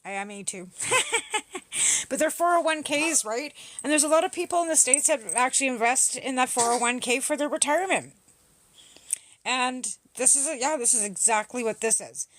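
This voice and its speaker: A Canadian woman hosts a livestream, trading combative, profane, mocking replies with commenters in the chat. Her voice sits high and a little bright, and she talks at a normal speed.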